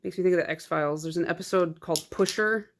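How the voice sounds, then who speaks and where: A woman's voice: fairly low pitch, quick pace, slight background noise. A woman in a casual vlog, chatting through her nail polish collection in a rambling, filler-heavy way. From United States.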